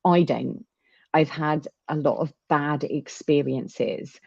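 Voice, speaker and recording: A woman with a low voice talks openly in a casual chat, stumbling and restarting as she goes. The recording sounds dull and lo-fi. It is also dry, with no room sound. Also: creaky, a little mellow, breathy edge, no room sound. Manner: candid, halting, many restarts.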